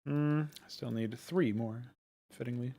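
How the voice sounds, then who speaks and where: A man's voice: medium pitch, unhurried, mellow. Laid-back man chatting on stream. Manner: laid-back, laughs often, swears casually. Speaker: game modder streaming. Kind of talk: casual livestream chat.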